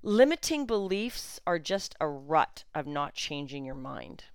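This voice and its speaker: Blunt woman, smooth low voice. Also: very animated, a little slow, no room sound. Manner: blunt, outspoken; sarcastic at times. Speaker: podcast host and coach. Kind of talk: solo podcast monologue.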